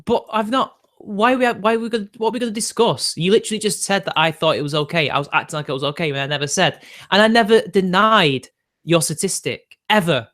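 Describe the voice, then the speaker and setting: A man's voice: high-pitched, quick pace, a bit bright. Defensive young man. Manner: argumentative, defensive, laughing between points. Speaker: streamer. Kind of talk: casual live-stream chat.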